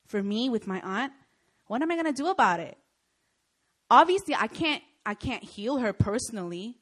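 A woman's voice: fairly high pitch, moderate pace. A young woman giving a sermon to students, telling stories with lots of energy and often checking in with her listeners. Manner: animated storytelling, often checks in with "Okay?" and "Right?". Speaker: speaker at a Christian student gathering.

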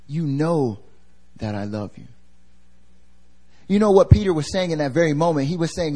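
A man delivers a live sermon in a voice pitched a little above the usual male range. He swings between loud, rising emphasis and hushed, almost whispered lines. He acts out the voices of the people in the story he is telling. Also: lively intonation, moderate pace, long pauses. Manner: acts out quoted voices, laughs at himself. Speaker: pastor. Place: church service, live.

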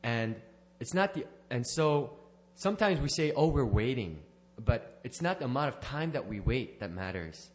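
A church member shares his testimony at church in an animated, medium-pitched voice at normal speed with hardly any pauses. He rambles and corrects himself, adding small laughs.

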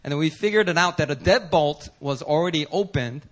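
A man preaching a sermon as pastor, telling a story animatedly with laughter and sudden shouts. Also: fairly high pitch, brisk. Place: church service.

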